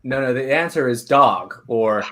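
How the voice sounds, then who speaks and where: A man doing improvised comedy, objecting in a confused, halting way. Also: mid-range voice, fairly bright tone. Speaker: improv performer. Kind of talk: improvised comedy over video call.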